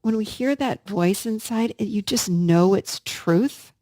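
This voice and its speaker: A woman's voice: medium pitch, unhurried, warm tone, no echo, clean studio sound. A woman hosting a self-help podcast, talking earnestly and encouragingly straight to her listeners. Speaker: podcast host.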